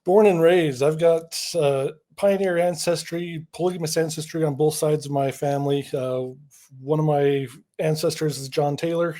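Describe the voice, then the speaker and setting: Laid-back guy from idaho telling old family stories, mellow kinda high voice. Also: steady tone, normal speed. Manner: easygoing, jokey storyteller. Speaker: guest, Mormon history storyteller. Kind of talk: casual interview.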